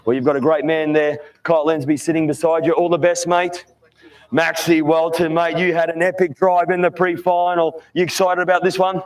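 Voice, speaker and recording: A man's voice: a little high, flat delivery, moderate pace. A man interviewing young drivers on the grid at a night kart race, upbeat and chummy. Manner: upbeat, chummy, calls everyone mate. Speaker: grid announcer.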